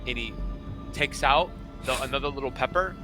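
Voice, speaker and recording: A man running a tabletop game as game master, narrating in a rambling, lively way and often restarting his phrases. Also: medium pitch, normal speed. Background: music.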